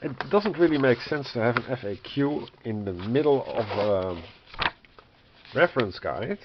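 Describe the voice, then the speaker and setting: A man's voice: mid-range voice, animated, unhurried. A man losing his voice who coughs often, thinking aloud as he reads through a rulebook, hesitant and full of fillers, wryly exasperated. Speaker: board game reviewer. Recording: dull lo-fi sound with faint noise.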